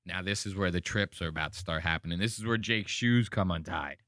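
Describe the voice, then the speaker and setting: Brash man with a bright voice. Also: deep voice, brisk, dry recording, studio quality. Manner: crude, animated, mocking impressions. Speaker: podcast host. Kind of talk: casual chat reacting to fight clips.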